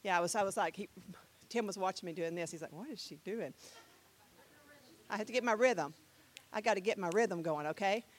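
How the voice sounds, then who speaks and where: A woman's voice: mid-range voice, fast talker. A middle-aged woman teaching a Bible class, chatty and direct, often repeating herself and putting questions to the class.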